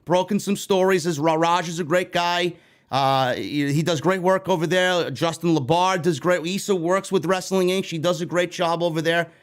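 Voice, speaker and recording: A man's voice: on the high side, normal speed. A man from New York hosting a wrestling news show, ranting heatedly with a lot of swearing. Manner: animated, heated, heavy swearing. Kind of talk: profane ranting commentary.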